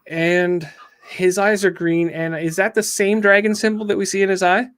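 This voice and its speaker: Male host, slightly high voice, casual recap style, acts out the quotes. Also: level tone, moderate pace, a bit bright, clean tone. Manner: recaps a story and acts out the quotes, with frequent ums. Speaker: comic book reviewer. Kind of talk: casual podcast chat.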